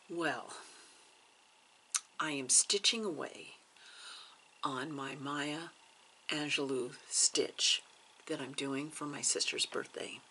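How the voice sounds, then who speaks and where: A woman vlogger telling a story in a casual, animated way, dropping to hushed asides for drama. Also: low-pitched, slow, pauses often, slight background noise. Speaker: cross stitch vlogger.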